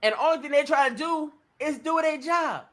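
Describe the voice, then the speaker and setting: Speaking briskly in a very high voice, this male host offers forceful opinions on his talk show, dramatizing small scenes and addressing the audience as ladies and gentlemen.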